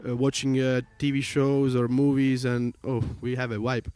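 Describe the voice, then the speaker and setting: A man's voice: medium pitch, little pitch movement, normal speed, darkish tone, clean tone, dry recording. A man from Italy, a native Italian speaker with a strong Italian accent, chatting casually on a livestream in a rambling, earnest way with many fillers. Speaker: stream co-host. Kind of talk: casual chat.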